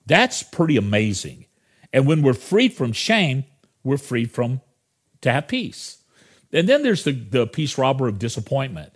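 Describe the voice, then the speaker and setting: A middle-aged man preaching from the pulpit in an easygoing, conversational way. His pitch sits right in the middle for a man, and he keeps stepping aside from the point to add remarks to the congregation. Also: big pitch swings, moderate pace, husky. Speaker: pastor. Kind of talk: sermon.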